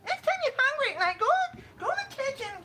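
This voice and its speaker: A whiny, nasal late-night host voice, pushed up very high and swooping wildly. It comes out bright and piercing, a comic impression strained to the edge of the breath. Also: male voice, sing-song, fast, slight background noise, full character voice. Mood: whiny pitch.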